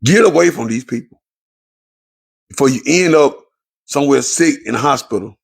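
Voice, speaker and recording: A man's voice: mid-range voice, lively intonation, normal speed, gravelly, slightly rough. A man, giving an impassioned, preachy monologue to viewers about relationships, repeating his points for emphasis. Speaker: relationship commentator.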